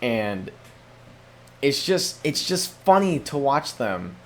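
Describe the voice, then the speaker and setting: A man's voice: mid-range voice, big pitch swings, takes it slowly, slight background noise. A young man hosting a solo podcast, rambling casually with lots of swearing and restarts. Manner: profane, rambling, many restarts. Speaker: podcast host.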